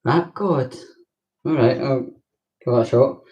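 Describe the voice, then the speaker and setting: A young vlogger from Glasgow, Scotland, talks casually to his viewers, rambling and swearing and often laughing. He speaks slowly at medium pitch in a darkish tone. The recording, from a distant mic, is roomy and muffled.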